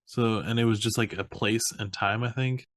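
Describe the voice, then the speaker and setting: A young man co-hosting a podcast, casually recapping a film in an animated way, acting out quotes and laughing often. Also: lowish voice, moderate pace, no room sound, clean studio sound. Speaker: podcast co-host. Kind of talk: casual movie recap chat.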